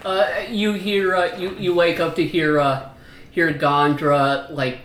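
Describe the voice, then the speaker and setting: A man's voice: a little high, little pitch movement, slow pace, a bit bright. A man playing in a tabletop game, talking hesitantly and restarting his sentences. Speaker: player. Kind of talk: casual chat at a game table. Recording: roomy with faint noise.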